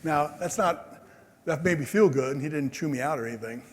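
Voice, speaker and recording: A man in his sixties giving a conference speech, telling stories in a lively way and acting out the people in them. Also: a little high, brisk. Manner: animated, acts out quoted people. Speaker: keynote speaker. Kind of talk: storytelling speech. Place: large convention hall. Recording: long hall reverb.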